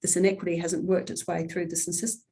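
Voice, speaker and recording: A middle-aged woman gives an earnest, candid talk as a guest speaker, pausing often with thoughtful ums. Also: lowish voice, little pitch movement, warm tone, slightly rough. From New Zealand. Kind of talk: earnest talk on workplace equality.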